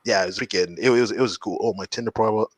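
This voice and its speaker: A man from Montreal on a comedy podcast, telling crude stories in an animated way and acting out the quotes. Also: fairly low pitch, racing, a crowd in the background. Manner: animated storytelling, heavy swearing, acts out quotes. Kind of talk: casual podcast banter.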